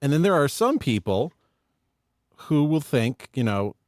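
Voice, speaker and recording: A man's voice: on the high side, sing-song, a little slow, a little mellow, no room sound, studio quality. A man co-hosting a podcast about sobriety, thinking aloud in a reflective, casual way. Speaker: podcast co-host. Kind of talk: casual recovery podcast chat.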